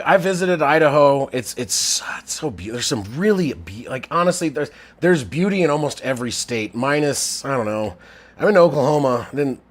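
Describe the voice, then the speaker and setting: A man live-streaming play-by-play commentary while reading chat, a little drunk and with a strained throat, swinging from low mumbles to loud shouts. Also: husky. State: tipsy, drinking. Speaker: livestream sports commentator.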